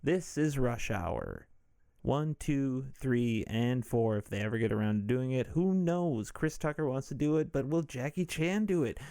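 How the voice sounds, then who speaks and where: A man doing a gruff movie-star adventurer impression. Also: mid-range voice, very animated, unhurried, dark tone, no room sound.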